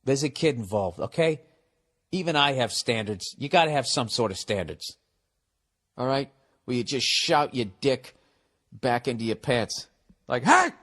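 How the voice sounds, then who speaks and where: A man's voice: mid-range voice, a little slow, pauses often, a bit bright. Blunt, profane man ranting advice. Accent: Boston. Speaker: podcast host giving advice. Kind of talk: casual advice monologue.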